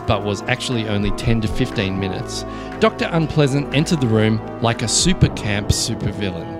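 A man co-hosting a comedy podcast, narrating a spoof fable in a playful, deadpan way. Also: medium pitch. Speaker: podcast co-host. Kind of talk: comic storytelling.

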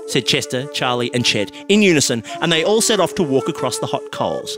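Man reading a comic story, deadpan, animated, with music under the voice. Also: mid-range voice, a little fast, hardly any pauses. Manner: deadpan, laughing at his own jokes. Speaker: podcast host and storyteller.

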